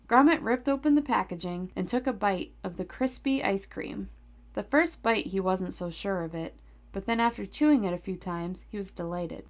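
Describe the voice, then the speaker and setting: Gravelly woman reading a kids' story. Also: medium pitch, moderate pace. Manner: playful, teasing. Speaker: storyteller, podcast host. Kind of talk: reading a children's story aloud with asides. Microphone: desk microphone.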